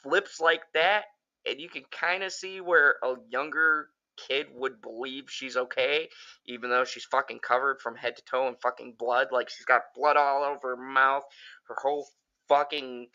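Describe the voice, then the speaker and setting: A man giving a casual, profane, rambling spoken review of a horror movie, getting excitable and jumping up in pitch when he quotes characters. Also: normal speed, lo-fi sound. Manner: jumps high when quoting characters.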